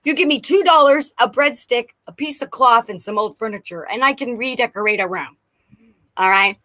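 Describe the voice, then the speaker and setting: A woman giving an effusive, excitable psychic reading on a live stream, often breaking into laughter. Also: fairly high pitch, normal speed. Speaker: psychic reader.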